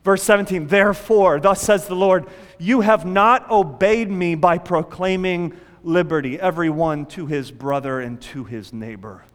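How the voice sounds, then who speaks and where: Man, pastor, animated sermon, high voice, long hall reverb. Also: moderate pace. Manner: animated preaching, acts out panicked prayers.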